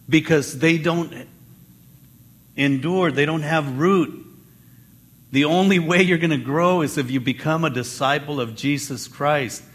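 Guy preaching from the bible, kinda high voice, chatty, acts out voices with big pitch jumps. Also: a little slow, a bit bright. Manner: conversational with fillers and restarts. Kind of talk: Bible teaching sermon.

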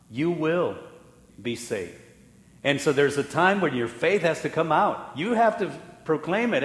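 A man delivers a sermon as pastor, his voice sitting a little high for a man. He tells the story animatedly, acting out the voices of the people in it. His words ring through a roomy hall with a long echo. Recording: echoey hall with long reverb.

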